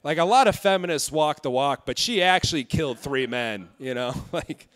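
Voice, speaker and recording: Smooth-voiced young man doing dark stand-up. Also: on the high side. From Indiana. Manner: deadpan dark jokes, halting with fillers. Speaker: stand-up comedian. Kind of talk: stand-up set. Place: comedy club stage.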